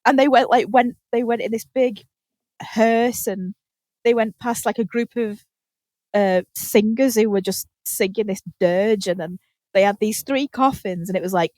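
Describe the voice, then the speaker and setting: A British woman hosting a podcast, telling animated stories in casual chat, laughing often and swearing casually. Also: on the high side, moderate pace, no echo. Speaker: podcast host.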